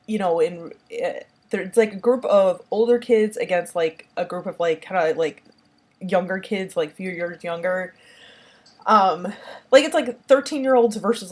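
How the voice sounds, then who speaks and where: A woman reviewing a horror film in casual talk. She rambles and gushes, with constant fillers like "like" and "um". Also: lowish voice. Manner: rambling, heavy use of "like" and "um"; enthusiastic, gushing.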